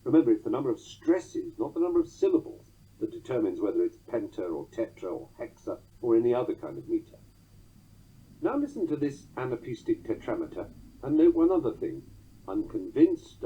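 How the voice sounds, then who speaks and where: A man's voice: medium pitch, mellow, breathy edge. A man narrating a lesson on poetic meter, reading in a rhythmic way and tapping out the beats aloud. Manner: rhythmic, sounds out metrical beats. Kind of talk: audiobook-style lesson reading. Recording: dull lo-fi recording.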